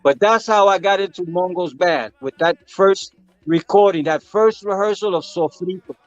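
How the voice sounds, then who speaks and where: A man's voice: high voice, moderate pace, no room sound, muffled recording. A man being interviewed as a guest musician, telling a story in a casual way and acting out the voices of the people in it. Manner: animated, acts out quotes of others.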